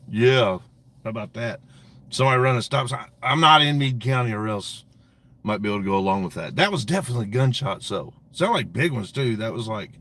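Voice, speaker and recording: A man's voice: mid-range voice, a bit bright. A man hosting a casual livestream, talking to his chat in a profane, mocking way and laughing often. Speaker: livestream host.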